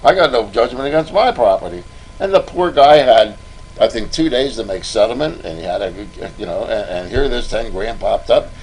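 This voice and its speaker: A man's voice: mid-range voice, lively intonation, moderate pace, a little mellow, a little hiss or hum, poor audio. An older man hosting a podcast, telling a rambling anecdote with restarts. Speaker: podcast host. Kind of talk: podcast interview.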